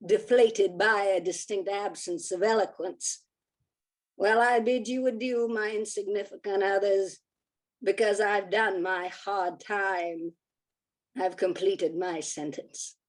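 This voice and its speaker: A woman's voice: medium pitch, fairly even intonation, slow pace, lightly acted, rough recording. A woman putting on a sardonic American poet. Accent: American, put on. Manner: dry, sardonic delivery. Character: jaded witty woman poet, tipsy and sardonic. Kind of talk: dramatic poetry reading in character. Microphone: video call.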